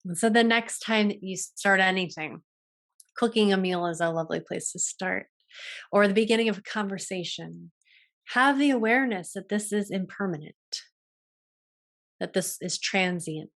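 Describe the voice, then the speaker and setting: A woman hosting a reflective solo talk as a yoga teacher, soft-spoken and gentle, often trailing off and restarting her sentences. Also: medium pitch, moderate pace. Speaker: podcast host and yoga teacher.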